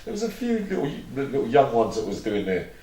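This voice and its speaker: A man's voice: medium pitch, huge pitch swings, a little fast, warm tone, far from the mic. A man, an interview guest telling long, rambling stories and acting out what others said. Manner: rambling, acts out quoted dialogue. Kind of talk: candid storytelling interview. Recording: roomy echo, mic set back.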